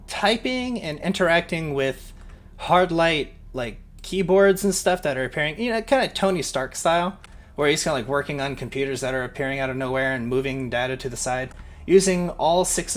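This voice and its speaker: A man narrating as game master for a tabletop game in a casual, rambling way with fillers. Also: on the high side.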